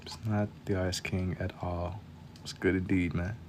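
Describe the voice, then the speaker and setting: A man's voice: deep voice, little pitch movement, a little slow, background noise. A young man chatting casually with viewers while drawing on a live stream, laid-back and slangy, keeping his voice down for the late night.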